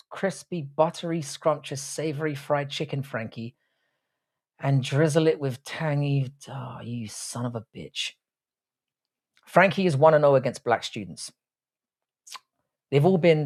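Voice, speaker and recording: Brief: young male livestream host, animated and bouncy pitch, crude teasing banter full of swearing, casual desk-mic talk. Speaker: livestream host reading chat. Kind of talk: casual live stream banter.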